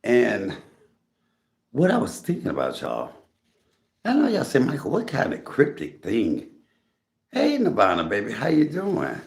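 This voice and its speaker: A man's voice: mid-range voice, wildly swooping pitch, a little slow, gravelly, pauses often. A middle-aged man hosting a casual livestream from his home, chatty and greeting viewers by name, coughing often. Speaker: livestream host. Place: home room. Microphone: phone on a tripod.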